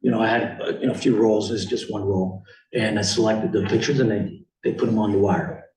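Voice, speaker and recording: A man's voice: fairly low pitch, fairly even intonation, a little fast, darkish tone. A man in his sixties, from Miami, giving a casual rambling talk with slides to an audience, full of fillers and chuckles. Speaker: guest speaker, photographer. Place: meeting hall with audience. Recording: echoey hall from far off.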